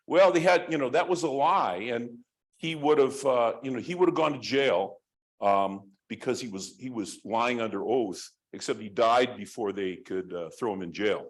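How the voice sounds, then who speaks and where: A man's voice: medium pitch, normal speed. A man giving a university lecture, telling a story in a rambling, conversational way with many restarts.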